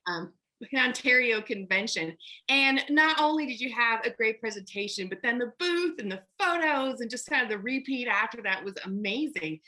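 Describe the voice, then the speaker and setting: A woman's voice: high-pitched, pushed and bright. A woman hosting a video-call interview, bubbly and gushing, laughing a lot. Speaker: host. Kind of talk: casual interview over video.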